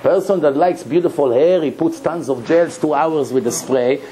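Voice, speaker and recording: Animated storytelling rabbi, high voice. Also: male voice, moderate pace, few pauses, poor audio. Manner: animated, acts out both sides of a dialogue; laughs between lines. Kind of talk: storytelling sermon.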